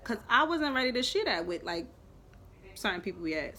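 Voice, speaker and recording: A young woman telling a storytime in a lively, profane, emphatic way. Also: on the high side, normal speed. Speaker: vlogger. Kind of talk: storytime chat.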